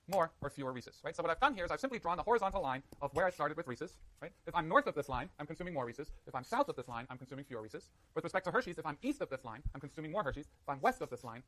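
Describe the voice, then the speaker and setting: A man lecturing a university class, quick and lively, joking with students as he works through a diagram. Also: a little high, no room sound. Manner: fast, animated, jokey asides to students.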